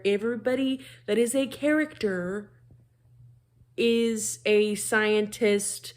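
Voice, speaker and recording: A young woman vlogging about her reading in a gushing, rambling way, cursing freely, restarting sentences and repeating words for emphasis. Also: medium pitch. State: feeling unwell. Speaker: book vlogger. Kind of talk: casual reading vlog. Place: bedroom at home.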